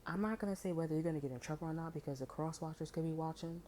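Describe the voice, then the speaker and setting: A woman's voice: sits low, very fast, dark tone, a little hiss or hum. A woman giving a casual tarot reading in loose slangy talk, telling stories and acting out quoted voices along the way. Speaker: tarot reader.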